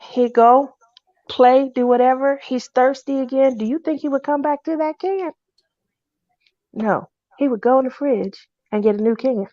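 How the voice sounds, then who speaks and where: A woman telling a personal story in a casual, animated way. She acts out the people she quotes in a loud voice. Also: high-pitched, moderate pace, no echo. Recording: dull, dry lo-fi recording.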